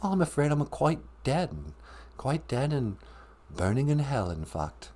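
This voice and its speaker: Putting on the ghost of a dead male English rock star, a man speaks with an English accent in a soft, formal, courtly manner. His mid-range voice is sing-song and unhurried, and his mood is polite.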